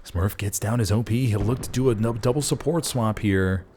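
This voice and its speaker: A man with a low-set voice calls a competitive shooter match play-by-play. He is folksy and excitable, jumping up in pitch when something big happens. A faint hiss sits behind him. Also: moderate pace. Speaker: esports caster. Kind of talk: play-by-play game commentary.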